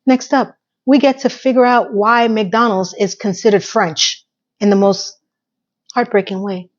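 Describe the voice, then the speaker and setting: A woman's voice: mid-range voice, steady tone, measured pace, highs cut off. A woman hosting a casual episode recap, chatty and emotional, holding back tears as she retells scenes at home. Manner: chatty, with fillers and self-interruptions. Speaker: recap podcast host.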